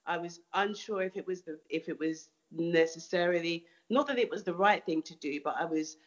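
A woman's voice: fairly low pitch, brisk, lo-fi sound. A woman artist answering interview questions thoughtfully, often restarting and repeating words.

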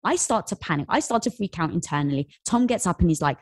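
Husky-voiced woman telling stories. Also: on the low side, fast talker, no room sound, studio quality. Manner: animated storyteller, acts out quotes. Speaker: podcast guest, entrepreneur. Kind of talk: casual interview storytelling.

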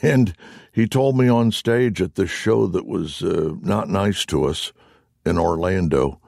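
A lower-pitched man with a gravelly, husky voice swings widely up and down as he spins his anecdotes. He laughs at his own stories in a self-deprecating way, and the sound is close and dry. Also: a little slow, a little mellow, no echo. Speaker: interview guest, voice actor. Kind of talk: anecdotal storytelling in conversation.

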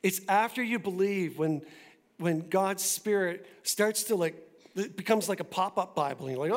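A male pastor giving a sermon in a church, talking in a conversational, animated way with quick asides. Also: high-pitched.

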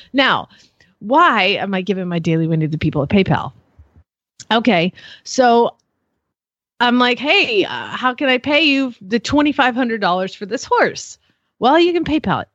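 Animated woman telling a story. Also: no room sound, highs cut off. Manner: animated storyteller who acts out quotes in exaggerated high voices. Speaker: podcast co-host. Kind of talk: casual chat, storytelling.

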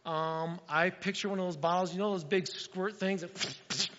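Pastor guy preaching, kinda high voice, lively and chatty with the church, big echoey hall, dull sound. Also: normal speed, noisy background. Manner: animated, acts out quotes, talks straight to the congregation. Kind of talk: sermon. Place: church sanctuary.

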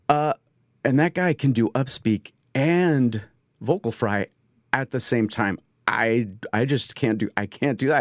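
An excitable man hosts his podcast in a rambling comedic monologue. His pitch swoops and jumps all over, and his voice sits in a dry, close studio sound. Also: a little slow, no echo. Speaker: podcast host. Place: home studio.

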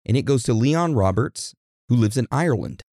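A man co-hosting a casual podcast, joking around and reading out listener shout-outs in an animated way. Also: mid-range voice, moderate pace, creaky, dry recording, studio quality. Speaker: podcast co-host.

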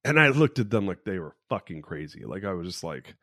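A man's voice: sits low, sing-song, brisk, fairly bright tone, no room sound, clean studio sound. A man in his forties hosting a podcast alone, telling a personal story in a candid, rambling way, with frequent restarts. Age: 40s. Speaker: podcast host.

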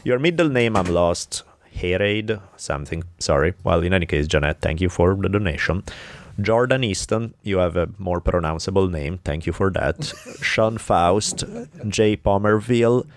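A man's voice: sits low, lively intonation, normal speed. A man with an Italian accent hosting a podcast, reading sponsors and donor names in a loose, joking way. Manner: loose, joking, swears, stumbles over names. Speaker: podcast host. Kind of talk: casual podcast chat and sponsor reads.

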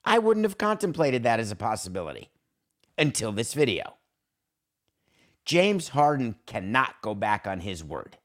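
A man's voice: very animated, normal speed, long pauses, a bit bright. A man hosting a sports podcast, giving an opinionated monologue in an emphatic voice and acting out quoted exchanges as he goes. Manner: emphatic, acts out quoted exchanges with pitch swings. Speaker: podcast host.

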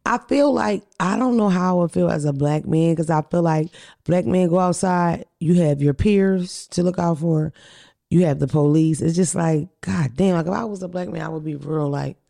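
A woman's voice: on the low side, moderate pace, creaky, dark tone. A woman from Philadelphia hosting a podcast in casual chat, blunt, profane and heated. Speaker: podcast host.

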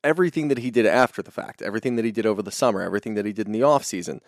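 A man's voice: lowish voice, racing, no echo, studio quality. A man co-hosting a casual reality-TV recap podcast, speaking frankly and emphatically. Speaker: podcast co-host.

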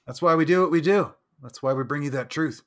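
A man's voice: on the high side, brisk. Laid-back man in mock-serious banter. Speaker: podcast co-host. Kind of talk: comedic banter.

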